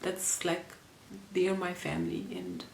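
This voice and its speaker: Low-voiced woman vlogger, roomy sound. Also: big pitch swings, measured pace, a little hiss or hum. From Namibia. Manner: rambling, emotional, many fillers and restarts. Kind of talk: casual storytelling to camera.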